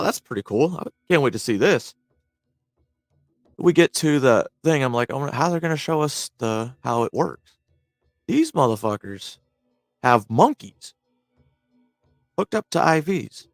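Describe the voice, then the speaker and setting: A man's voice: mid-range voice, no room sound, studio quality. Blunt, foul-mouthed man telling war stories. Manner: blunt, swears freely, acts out quoted reactions. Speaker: army veteran reacting to a clip. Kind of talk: casual profane storytelling.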